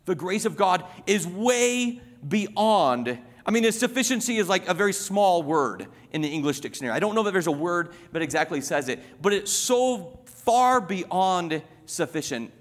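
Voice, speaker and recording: A man's voice: high-pitched, big pitch swings, moderate pace, few pauses, big-room sound. A man preaching a sermon, emphatic and repetitive, building his points through illustrations.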